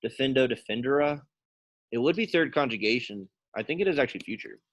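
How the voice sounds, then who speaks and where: A man's voice: medium pitch, lively intonation, fast talker, no room sound. A man teaching a Latin class, casually quizzing students by name and thinking aloud as he works through sentences in a classroom. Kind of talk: classroom lesson.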